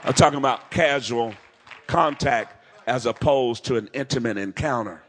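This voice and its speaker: A man's voice: mid-range voice, moderate pace, fairly bright tone, some chatter behind, a little hiss or hum. A man preaching a revival sermon at a large crusade, acting out the dialogue of the story he tells.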